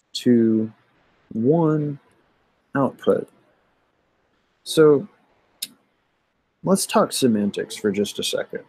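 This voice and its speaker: A man teaching math, walking through exam solutions in a conversational way, often pausing with "um" and checking in with "right?". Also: medium pitch, warm tone, slightly rough, dry recording, poor audio. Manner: conversational, thinks aloud with many "um" and "right?". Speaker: math instructor. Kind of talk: recorded lecture going over an exam.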